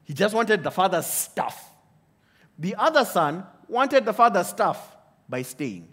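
A man preaching a sermon in an animated way, often asking the audience questions. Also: high voice, unhurried, breathy edge.

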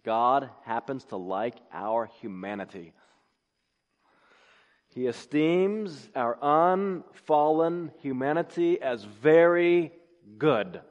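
A man's voice: mid-range voice, slow, muffled recording. A man preaching a sermon, reading scripture and building to emphatic, rising exclamations. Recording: long hall reverb.

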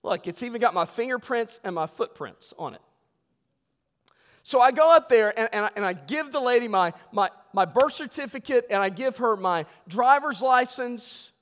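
A man preaches from the pulpit, his voice sitting high for a man. He tells stories with big loud outbursts, then drops to near-hushed lines. His words ring out with the long reverb of a church sanctuary. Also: animated, normal speed. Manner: storytelling, swings from loud outbursts to hushed tones. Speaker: pastor. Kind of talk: sermon.

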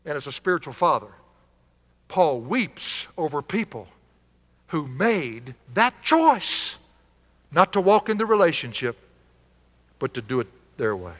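Bright-voiced preacher in a reverberant hall. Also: male voice, a little high, a little slow, long pauses. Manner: impassioned, animated preaching with a puppet. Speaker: pastor. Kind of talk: sermon.

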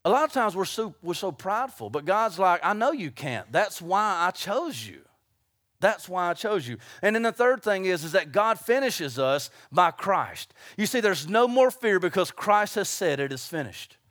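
A man preaching a sermon, telling stories with acted-out voices and lively delivery. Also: high-pitched, normal speed, hardly any pauses, no echo, clean studio sound. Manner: animated storytelling with acted-out voices.

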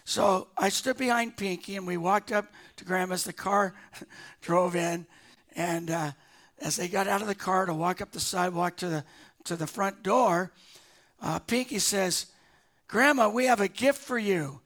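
High-voiced man telling a sermon story. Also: steady tone, a little slow, fairly bright tone. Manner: conversational, with restarts and fillers. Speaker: pastor.

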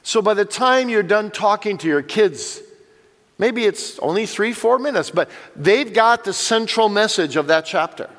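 An older man teaches earnestly, speaking straight to the parents in front of him. His voice sits a little high for a man. Long reverb from a church hall trails behind every phrase. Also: animated, a little slow, fairly bright tone. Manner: earnest, direct address to parents. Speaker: Bible teacher.

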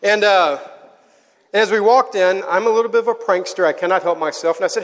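A man preaching to a live audience, telling a story with animated energy and getting the crowd to join in. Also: high voice, brisk. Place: large hall. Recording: hall with long reverb.

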